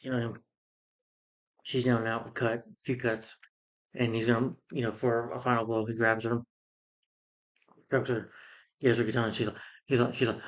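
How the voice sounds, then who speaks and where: Rambling man recapping a film. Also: mid-range voice. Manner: rambling, many fillers and self-corrections. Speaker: film reviewer. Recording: dull lo-fi sound.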